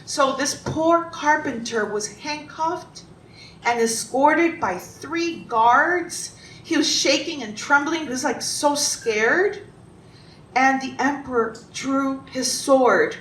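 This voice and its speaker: Animated woman telling a children's story. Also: slow. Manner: animated, asks the children questions. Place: congregation hall. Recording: roomy, distant, faint rumble.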